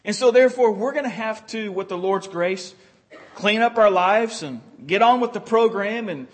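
A man's voice: high voice, moderate pace. A male preacher delivering an earnest sermon, often acting out the prayers of biblical figures. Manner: earnest, repetitive restarts, quotes prayers in character.

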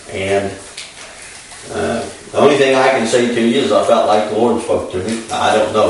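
Folksy preacher telling a story. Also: male voice, mid-range voice, a little hiss or hum. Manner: folksy, unhurried storytelling with many fillers. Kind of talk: storytelling sermon. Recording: echoey, far from the mic.

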